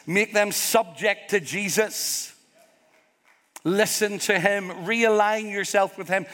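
Northern Irish pastor preaching in an echoing hall. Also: male voice, high voice, takes it slowly, fairly bright tone. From Northern Ireland. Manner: earnest, emphatic preaching with rising repeated phrases. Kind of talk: sermon. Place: church hall with congregation. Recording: long hall reverb.

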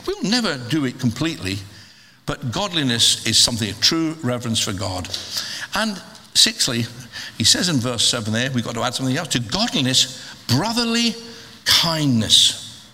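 A middle-aged man preaching a sermon in a lively, humorous way, with stammered restarts. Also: medium pitch. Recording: long hall reverb.

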